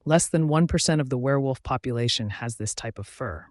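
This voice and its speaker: A man's voice: medium pitch, brisk, no room sound, studio quality, close to an everyday voice. A man voicing a cheerful female nurse with a Southern US accent. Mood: informative. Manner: chirpy.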